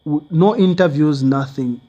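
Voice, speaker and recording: A man's voice: a little high, a little slow, dark tone, highs cut off, natural voice. A man voicing an apologetic company staffer who eagerly offers a job.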